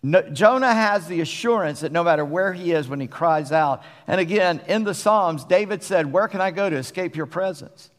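Southern preacher in a reverberant hall. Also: male voice, high-pitched, moderate pace, few pauses. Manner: folksy, conversational preaching. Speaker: pastor. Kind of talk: sermon. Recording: long reverb of a church hall.

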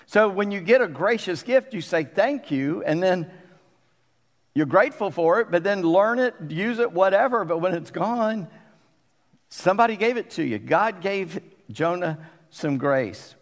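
Middle-aged pastor guy preaching, kinda high voice, chatty, long echo off the hall. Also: animated, measured pace. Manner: conversational, asks the congregation questions. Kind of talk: sermon. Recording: long reverb of a church hall.

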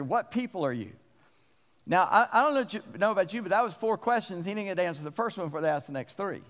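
A man's voice: a little high, long reverb tail. A man preaching a sermon as a pastor, folksy and self-deprecating, telling stories between verses.

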